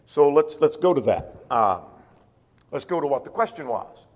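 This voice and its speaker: A man's voice: fairly high pitch, big pitch swings, normal speed, a little mellow, big-room sound. A man teaching a church Bible class, explaining scripture in plain words with frequent fillers and restarts.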